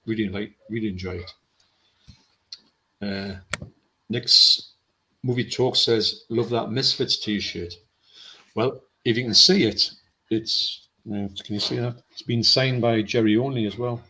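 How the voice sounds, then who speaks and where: Guy chatting on a movie stream, lowish voice, reads out chat comments. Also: steady tone, measured pace, pauses often, bright, forceful tone. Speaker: co-host of a film live stream. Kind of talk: casual chat.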